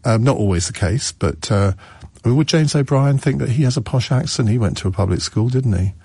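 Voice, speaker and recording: A man's voice: medium pitch, expressive, a little fast, warm tone, husky, no echo. A man hosting a radio phone-in, musing aloud and chatting with callers, often restarting his sentences. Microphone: studio microphone.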